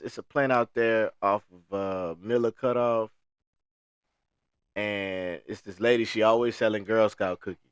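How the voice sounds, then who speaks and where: A man's voice: on the low side, smooth, no echo. Laid-back man telling a story. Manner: loose storytelling in Southern slang. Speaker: podcast co-host. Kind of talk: casual podcast chat.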